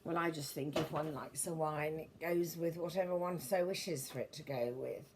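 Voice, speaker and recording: Against a noisy background, a middle-aged vlogger with a low voice speaks at normal speed while showing off her books. Her casual, rambling talk meanders, stays a little prim, and is dotted with self-corrections and formal phrasing.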